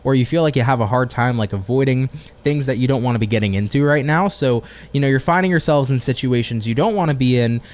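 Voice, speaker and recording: A man's voice: mid-range voice, quick pace, a little mellow. A man giving a chatty, upbeat tarot reading on a live stream, with casual slang and swearing. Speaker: tarot reader.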